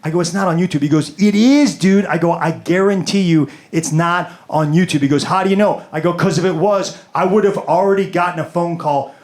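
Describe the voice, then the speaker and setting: A man's voice: on the high side, fairly quick, few pauses, darkish tone. A man in his forties telling a rambling, self-deprecating stand-up story with stammering restarts. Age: 40s. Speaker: stand-up comedian. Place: comedy club stage. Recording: roomy club sound with audience noise.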